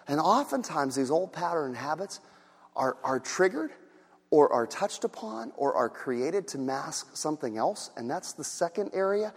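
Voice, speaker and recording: A man preaching a sermon as pastor. He moves between quiet, soft talk and loud, shouted passages, and acts out the voices in his stories. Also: a little high, big pitch swings, normal speed, breathy edge, in a large hall.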